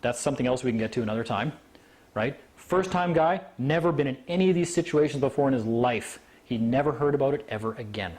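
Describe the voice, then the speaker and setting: A man speaking to a live audience, telling a story with animated delivery and acting out the voices of the people in it. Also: mid-range voice, quick pace. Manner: animated, acts out quoted voices.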